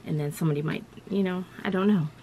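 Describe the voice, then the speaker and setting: A woman vlogger with a low, gravelly voice rambles through a personal story in casual chat, leaning on "you know" and "like" as she goes. A faint ambient hum sits behind her. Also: quick pace, dark tone.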